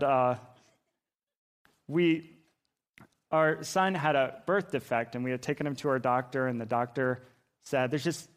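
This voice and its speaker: A man preaching to a congregation, with a somewhat high voice. He tells a personal story and builds to loud, emotional climaxes before settling back. It sounds like a pastor speaking in an auditorium. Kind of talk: sermon.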